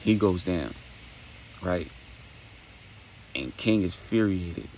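A man's voice: low voice, lively intonation, takes it slowly, darkish tone, a little hiss or hum, low-quality recording. A man casually retelling a dramatic story, acting out dialogue and making sound effects.

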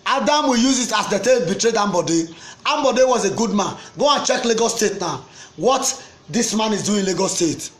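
A man's voice: high-pitched, expressive, normal speed, a bit bright. A Nigerian man with a Pidgin-inflected accent, giving a preachy, repetitive political rant that slips between English and Pidgin. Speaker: political commentator.

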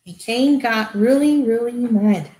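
A woman telling a Bible story to children in an animated way, asking them questions. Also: on the high side, measured pace. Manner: animated, asks kids questions. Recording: echoey room.

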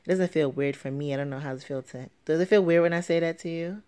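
A woman's voice: low voice, fast, darkish tone, clean tone. A young woman vlogging casually from home, rambling and chatty with many fillers. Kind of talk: casual vlog talk. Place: home, at night with sleeping baby.

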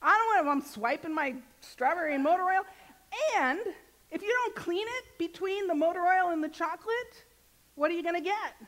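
Woman, minister, high-pitched voice, chatty joking sermon, questions to the congregation. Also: animated, moderate pace, fairly bright tone, low-quality recording. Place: church sanctuary.

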